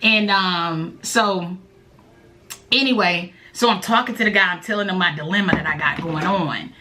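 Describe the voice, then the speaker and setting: A woman vlogger, telling a story in a chatty, animated way straight to the viewer. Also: moderate pace, noisy background. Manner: bursts into a high, loud voice when quoting herself. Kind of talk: casual storytime vlog.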